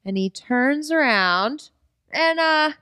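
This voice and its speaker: A woman co-hosting a podcast, recapping a film casually with jokes, swearing and lively reactions. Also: high voice, slow, no room sound, studio quality. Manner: playful, jokey, swears, reacts with gasps and exclamations. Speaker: podcast co-host.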